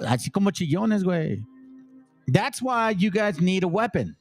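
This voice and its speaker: A man's voice: sits high, very animated, a little fast, a little mellow. Blunt, preachy man over faint music. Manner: blunt, emphatic, swears, reads scripture aloud in a stately cadence. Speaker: channel host, commentator. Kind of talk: preachy commentary on video clips.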